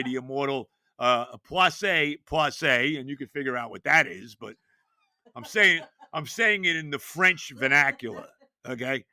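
An older man hosts a sports podcast and talks in a bright, forceful tone that sits a little high for a man. He hammers his points home with rhetorical questions. The sound is dry and close, with little room around it. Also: no echo. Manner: animated, emphatic rhetorical questions. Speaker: podcast host. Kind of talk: casual sports talk.

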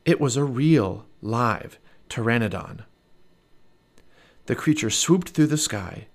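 Animated man reading a kids' book. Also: medium pitch, takes it slowly. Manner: animated, expressive read-aloud. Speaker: podcast storyteller. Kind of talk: reading a children's book aloud.

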